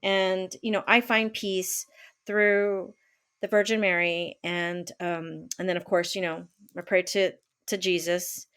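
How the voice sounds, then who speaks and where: A woman's voice: lowish voice, flat delivery, slow, a bit bright, smooth. A woman in her fifties talking casually to camera from her home office, rambling with many fillers and restarts. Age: 50s. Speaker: vlogger and life coach.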